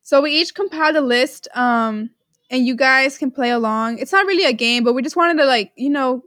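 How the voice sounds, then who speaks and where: Bubbly high-voiced Texan woman. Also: normal speed, fairly bright tone, no room sound, clean studio sound. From Texas. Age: young adult. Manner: bubbly, giggly, full of fillers. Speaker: podcast co-host. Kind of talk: casual chat.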